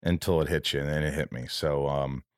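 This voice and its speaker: Male podcast host, very low voice, dry close mic, earnest rambling storytelling. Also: fairly even intonation, a little fast, smooth, dry recording. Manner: earnest, rambling, emotional, with frequent restarts. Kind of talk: casual chat, personal storytelling.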